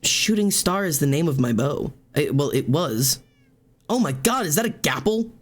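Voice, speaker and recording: A man's voice: on the high side, expressive, normal speed. A young man streaming a game, exclaiming often and talking in an emotional, tearful, laughing way.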